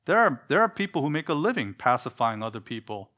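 Earnest preaching man, mid-pitched. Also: very animated, quick pace, pushed and bright. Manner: earnest, emphatic, rhetorical questions. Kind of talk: sermon.

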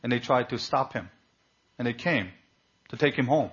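Guy preaching a sermon, gets quiet then loud and fervent, muffled lo-fi audio. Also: medium pitch, normal speed, husky. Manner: fervent, swings from hushed to loud. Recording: dull lo-fi recording.

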